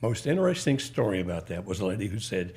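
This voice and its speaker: Middle-aged guy cohosting, gravelly voice, jumps up and down in pitch, jokey. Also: very animated, quick pace, darkish tone. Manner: joking, laughs often. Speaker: co-host, marriage counselor. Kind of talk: casual chat on a live show.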